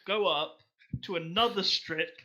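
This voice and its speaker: A man's voice: sits high, unhurried, background noise. A young man, co-hosting a podcast in blunt, swearing, mock-exasperated casual chat. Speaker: podcast co-host.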